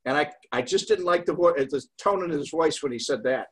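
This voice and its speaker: An older man with a husky, fairly high voice tells a story to his host in a loose, rambling way. He pauses often and fills the gaps with fillers. The telling is casual and unhurried. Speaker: guest.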